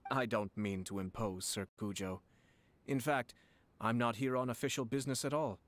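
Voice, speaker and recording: An actor playing a courteous, formal young nobleman in a video game, speaking with calm reassurance. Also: mid-range voice, normal speed, lightly acted. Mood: gracious. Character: polite, gracious young nobleman commissioner.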